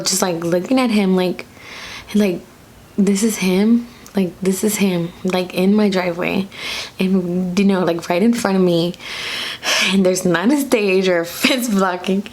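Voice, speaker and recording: A woman from Dallas telling a storytime vlog in a chatty, animated way, full of "like" fillers. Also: mid-range voice, a little hiss or hum. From Dallas, Texas. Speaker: nail artist and vlogger.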